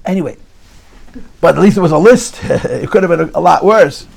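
Guy telling an old story to a crowd, kinda high voice w/ fry, keeps repeating himself. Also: brisk. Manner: animated storyteller, repeats phrases, drops into Yiddish. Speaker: rabbi telling a Chassidic story. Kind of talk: storytelling talk to an audience.

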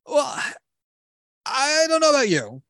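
A man talking casually about a film, animated and rambling, swearing offhand. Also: very high-pitched, a little slow, no echo, clean studio sound. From New Jersey. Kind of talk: casual film review chat.

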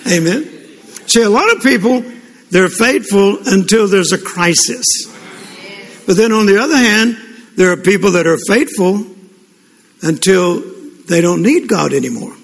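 An older man delivers a sermon in a high, husky, gravelly voice. He tells folksy stories and often restarts his sentences. The sound carries the long reverb of a large hall. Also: lively intonation, unhurried, long pauses. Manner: folksy storytelling with repeated restarts. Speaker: pastor. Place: church. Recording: echoey hall with congregation responses.

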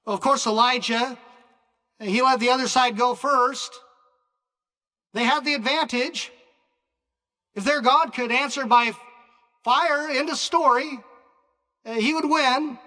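A man delivers a sermon at a very unhurried pace, pausing often and restarting phrases. His voice sits unusually high and sounds bright. The sound rings with the long reverb of a large hall. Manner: slow, deliberate preaching with frequent pauses and restarts. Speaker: preacher.

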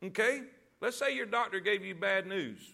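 Man, pastor preaching, high-pitched, call-and-response. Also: moderate pace, vocal fry. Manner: call-and-response preaching, rising to loud emphasis. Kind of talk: sermon.

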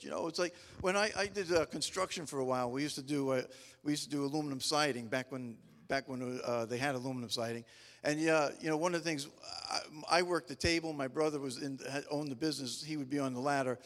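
Middle-aged male preacher, higher voice, loose storytelling with restarts, echoing in a large hall. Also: steady tone, quick pace, a bit bright. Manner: rambling, stop-start storytelling with frequent restarts; folksy and humorous. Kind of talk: casual conversational sermon. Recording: long reverb of a large hall.

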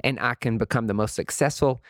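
A man in his late thirties hosting a podcast, talking in an expressive, emotional and chatty way, full of fillers and asides. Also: medium pitch, a little fast, dry recording, clean studio sound. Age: late 30s. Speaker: podcast host. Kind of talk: reflective solo podcast monologue.

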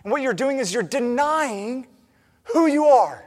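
Impassioned high-voiced male preacher. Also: expressive, a little slow, in a large hall. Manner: impassioned, swings from hushed to loud. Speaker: pastor. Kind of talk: sermon.

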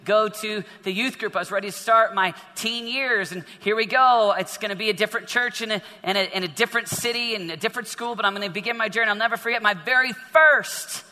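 High-voiced preacher in an echoing hall. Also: male voice, fast talker, few pauses, bright, forceful tone. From northern United States. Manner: storytelling with frequent repetitions and restarts. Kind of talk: sermon.

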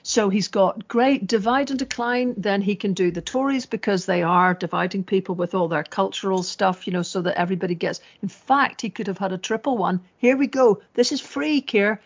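A woman's voice: medium pitch, fairly quick, hardly any pauses. A woman hosting a casual political podcast, chatty and sardonic, quoting lines in mock voices. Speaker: podcast host. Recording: dull lo-fi audio.

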